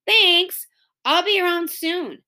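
A woman's voice: extremely high pitch, slow, bright, forceful tone, pitched above the performer's own voice, full character voice. A woman reading aloud, voicing a polite, earnest boy who is a stranger. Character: polite stranger boy, the dog's former owner.

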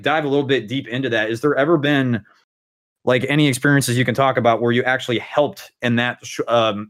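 Man, interview host, casual, rambling, filler-heavy, medium pitch. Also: a bit bright.

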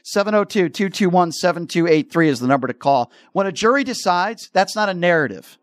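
A man's voice: sits high, lively intonation, brisk, no room sound, clean studio sound. A man hosting a call-in radio talk show, combative and talking over his callers.

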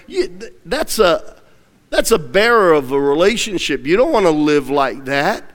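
A man preaching a sermon with emphatic call-and-response, swinging between loud and hushed delivery. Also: on the high side, in a large hall.

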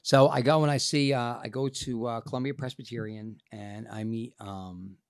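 A man, an actor and podcast guest, telling a personal story in a casual, animated and profane way, acting out the people in it. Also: mid-range voice, normal speed, no echo.

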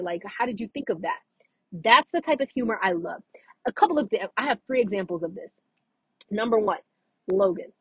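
Chatty high-voiced young woman. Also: breathy edge, dry recording, highs cut off. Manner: animated, chatty, many fillers and laughs. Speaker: vlogger. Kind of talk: casual chat to camera.

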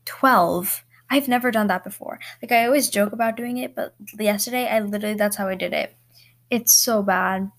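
A woman's voice: medium pitch, normal speed, creaky. A teenage girl hosting her own podcast from home, chatting casually and rambling with lots of fillers and little laughs. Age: teens. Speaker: podcast host. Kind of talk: casual solo podcast chat. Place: bedroom at home.

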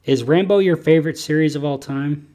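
A man's voice: on the high side, brisk, dark tone. A man hosting a casual podcast chat, rambling and easygoing with lots of fillers. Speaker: podcast host.

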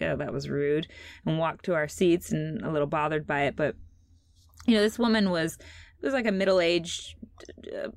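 A low-pitched woman in her thirties hosts a casual podcast chat. She tells her story loosely, with plenty of fillers and restarts. The sound is dry and close. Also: clear, resonant tone, no echo. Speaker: podcast host.

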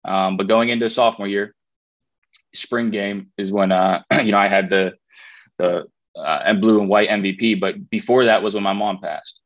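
A man's voice: fairly low pitch, fairly even intonation, normal speed, dry recording, muffled recording. A man in his twenties, a former college football player, telling his story in a casual interview, rambling with fillers and restarts.

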